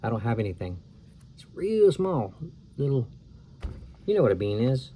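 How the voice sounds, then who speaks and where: Mellow man reading a kids' story. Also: mid-range voice, big pitch swings, moderate pace, pauses often, a little hiss or hum. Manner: chatty asides explaining the story. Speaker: storybook reader. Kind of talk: reading a chapter book aloud to kids.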